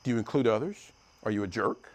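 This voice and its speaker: Speaking quickly in a lowish voice, a middle-aged man from the United States gives a motivational talk to a youth group. The youth speaker tells stories, his volume rising loud and dropping to a hush.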